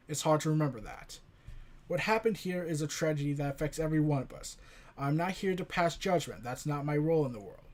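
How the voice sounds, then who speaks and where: A man voicing a calm, earnest male superhero who asks people to come together. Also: a little high, close to an everyday voice. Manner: measured, earnest appeal.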